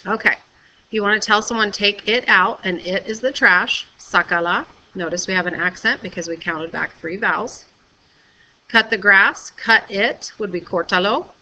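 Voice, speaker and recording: A woman teacher giving a recorded video lesson, explaining patiently and clearly and often checking with "okay?". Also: medium pitch, normal speed, sharp tone, a little hiss or hum, poor audio.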